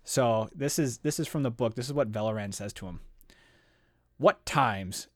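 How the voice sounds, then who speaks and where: A man's voice: mid-range voice, fairly quick, a little mellow, no echo, clean studio sound. A man retelling a fantasy novel in casual podcast chat, rambling with fillers. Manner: rambling summary with fillers and laughs.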